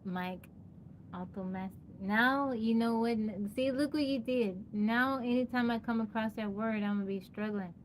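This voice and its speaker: A woman's voice: fairly high pitch, normal speed, a little hiss or hum. A woman chatting casually on a live stream, thanking viewers by name and laughing as she sounds out a hard word over and over. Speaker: livestreamer.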